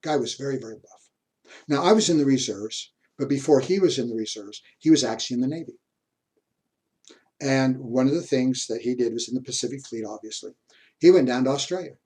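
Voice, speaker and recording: A man's voice: mid-range voice, brisk, a little mellow. Chatty man lecturing. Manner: chatty storytelling, chuckles often. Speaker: university history lecturer. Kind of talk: classroom lecture with anecdotes.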